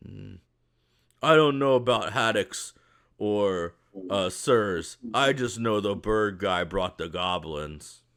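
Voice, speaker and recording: Smooth low-voiced man running a game. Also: expressive, slow pace, fairly bright tone. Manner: rambling, filler-heavy narration. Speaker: game master. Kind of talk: narrating a tabletop game.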